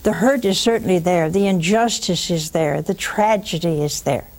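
A woman hosting a religious call-in show, teaching in an animated way, mocking with put-on quotes and dropping to a hush for emphasis. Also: on the low side, normal speed. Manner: animated, mocks with put-on quotes, drops to a hushed whisper for emphasis.

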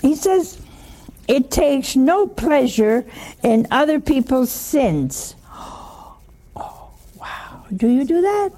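A woman's voice: high voice, sing-song, slow, mellow. A woman giving a chatty sermon, teasing her listeners with rhetorical questions and humor. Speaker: religious teacher. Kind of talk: conversational sermon.

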